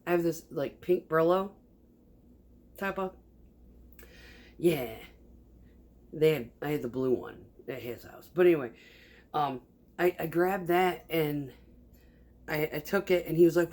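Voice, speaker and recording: Low-voiced rambling, profane woman. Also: unhurried, long pauses, darkish tone. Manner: rambling and profane, laughs often. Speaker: vlogger. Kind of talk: casual chat while sewing. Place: home kitchen.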